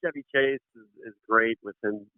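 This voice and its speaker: A man's voice: medium pitch, normal speed, no echo. Man, phone caller, tinny phone line, easygoing enthusiastic chat.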